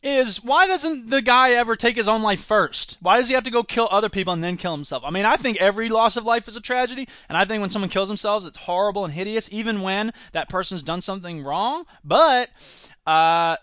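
A man's voice: high voice, animated, fairly quick, sharp tone, no room sound, studio quality. A man hosting a solo podcast, ranting sarcastically about the news. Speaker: podcast host.

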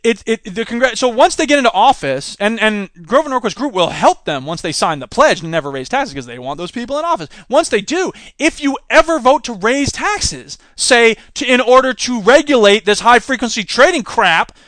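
A man hosting a podcast, giving animated political commentary and mocking the people he quotes. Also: extremely high pitch, normal speed, hardly any pauses, no room sound. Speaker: podcast host.

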